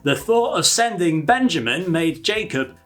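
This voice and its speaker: An English woman chats her way through a children's bible lesson, animated and warm with the odd filler. Her mid-pitched voice moves freely up and down. Faint music sits underneath. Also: unhurried. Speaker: children's ministry presenter. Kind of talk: casual recap and rhyming story reading for kids.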